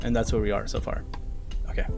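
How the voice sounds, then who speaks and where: A man's voice: on the low side, flat delivery, quick pace, vocal fry, music in the background. Chatty man translating manga live. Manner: chatty, joking, swears, laughs often. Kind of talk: casual live reading and translating.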